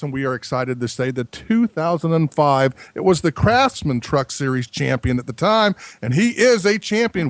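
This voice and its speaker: A man's voice: on the high side, animated, moderate pace, few pauses, dry recording. A man co-hosting a motorsports radio show with playful, boastful banter. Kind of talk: casual radio chat.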